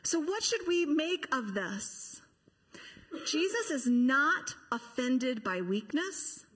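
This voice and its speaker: A woman's voice: high voice, very animated, takes it slowly, a bit bright, long reverb tail. A woman pastor preaching a sermon to her church, impassioned and rhetorical, with acted-out quotes.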